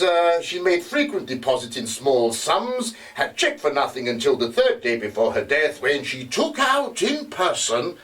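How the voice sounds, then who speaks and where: A man's voice: mid-range voice, a bit bright. A man playing a hesitant male investigator. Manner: halting, with frequent hesitations. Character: male investigator reporting witness testimony. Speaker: stage actor. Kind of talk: live stage drama reading. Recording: distant mic.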